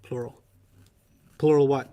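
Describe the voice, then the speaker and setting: A man's voice: mid-range voice, steady tone, a little slow, mellow. A man teaching Arabic vocabulary in a casual class, quizzing students and telling humorous stories.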